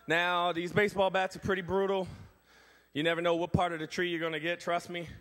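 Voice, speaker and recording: A man's voice: sits high, a little fast. A man performing a strength ministry demonstration on stage at a church event, talking energetically and rallying the audience and kids. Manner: energetic, rallies the crowd and kids.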